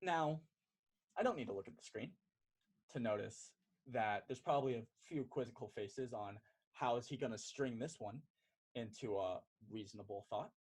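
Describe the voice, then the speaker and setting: A man performing a stand-up comedy set over a video call, animated and mock-exasperated, acting out little dialogues. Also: mid-range voice, moderate pace, slightly rough.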